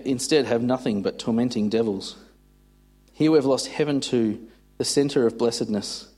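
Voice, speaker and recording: A male preacher delivering a sermon and reading passages aloud. His mid-range voice stays grave and earnest, and his delivery is measured. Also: medium pitch, darkish tone.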